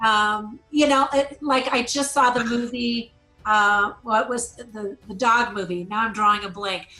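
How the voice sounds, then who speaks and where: Bright-voiced woman co-hosting a film review. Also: on the high side, steady tone, unhurried, faint music behind, low-quality recording. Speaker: movie review co-host. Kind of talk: casual review discussion.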